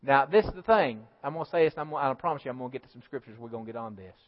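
A male pastor preaching a sermon, swinging between loud emphatic lines and quiet asides to the congregation. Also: medium pitch, expressive, very fast. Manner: preaching with call-and-response asides, rising and falling in volume. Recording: dull lo-fi sound with long hall reverb.

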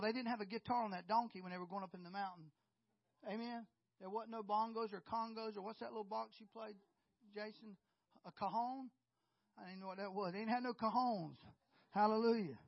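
Folksy preacher guy, husky voice, animated, keeps calling for amens, muffled dry audio. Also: high voice, no room sound. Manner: folksy, animated, repeats words, calls for audience response. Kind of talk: sermon. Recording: dull, dry lo-fi sound.

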